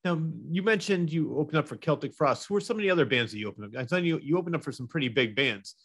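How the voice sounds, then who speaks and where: A man's voice: on the high side, expressive, fast talker, fairly bright tone, breathy edge. A man hosting a casual interview podcast, giving short, enthusiastic reactions and jokes. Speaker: podcast host.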